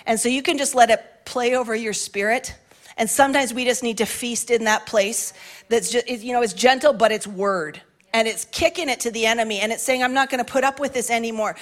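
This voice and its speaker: A middle-aged woman pastor preaching a sermon in a church, passionate and building to shouts at the big moments. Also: on the high side, fairly quick. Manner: passionate, rising to shouts at climaxes. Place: church sanctuary with balcony.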